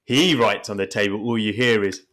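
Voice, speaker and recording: A man's voice: on the low side, a little fast, a bit bright, slight background noise. A man co-hosting a podcast, chatty and eager, laughing often. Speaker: podcast co-host. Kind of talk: casual chat.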